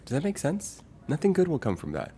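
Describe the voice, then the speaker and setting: A man's voice: on the high side, wildly swooping pitch, a little fast, warm tone, slight background noise. A man live streaming in a casual chat with viewers. He rambles and thinks aloud with many fillers, reading out chat messages and greeting viewers as they arrive.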